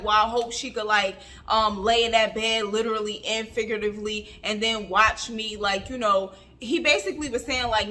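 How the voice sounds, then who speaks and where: A woman's voice: sits high, fairly bright tone. A woman giving a casual vlog review of a reality TV episode, chatty and emphatic, with lots of filler words.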